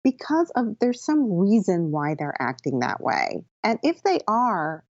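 A woman guest on a parenting podcast speaks in a calm, explanatory way, now and then acting out soft lines a parent might say. Her voice sits in an ordinary middle range. The sound is dry and a little dull. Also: mid-range voice, measured pace, no room sound. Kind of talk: podcast interview.

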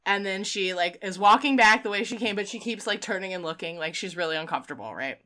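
Bright-voiced woman recapping a movie. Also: mid-range voice, fast. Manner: animated storyteller, acts out the quotes, laughs often. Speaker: podcast co-host. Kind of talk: casual movie recap chat.

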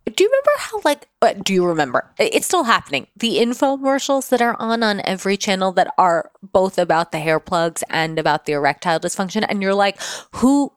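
A woman in her mid-thirties hosting a casual podcast, chatty and quick to laugh. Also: medium pitch, sing-song, clean tone, no echo, clean studio sound. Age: 30s. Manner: chatty, laughs easily, many affirmations. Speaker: podcast host.

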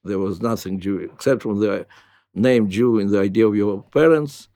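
An older man with a Russian accent, a native Russian speaker, answering interview questions in halting, reflective English. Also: lowish voice, dark tone, dry recording, studio quality. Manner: halting, restarts with "uh", non-native grammar. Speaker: guest.

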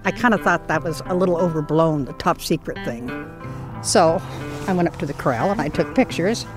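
A woman's voice: deep voice, a little fast, over music. A woman, a property owner, telling her story in a blunt, defiant and wry way. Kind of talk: storytelling interview.

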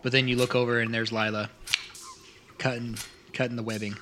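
Game master narrating a tabletop game, relaxed and descriptive, faint noise behind. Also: mid-range voice, a little fast. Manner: casual, descriptive.

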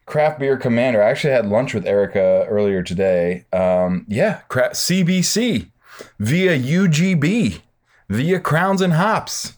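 A man hosting a casual podcast chat, upbeat and full of shout-outs. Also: medium pitch, animated, a little slow. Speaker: podcast host.

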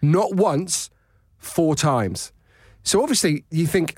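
A man's voice: a little high, slow pace, slightly rough, no echo. A man with a slightly raised voice tells a story with lots of energy, laughing often and acting out the people in it. The sound is dry and close to the mic, with no room around it. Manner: animated, laughing, acts out voices in anecdotes. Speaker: podcast co-host. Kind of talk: casual storytelling chat.

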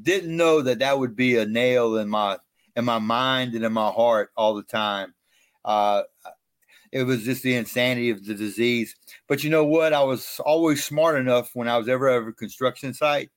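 A man's voice: medium pitch, normal speed, no echo. Middle-aged guy telling stories on a podcast, jokey about himself, dry close sound. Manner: animated, self-mocking storyteller. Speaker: guest. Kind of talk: storytelling interview.

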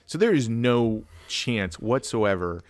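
A man's voice: medium pitch, lively intonation, slow, dry recording. A man co-hosting a casual film review chat, telling stories and acting out family dialogue. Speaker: podcast co-host.

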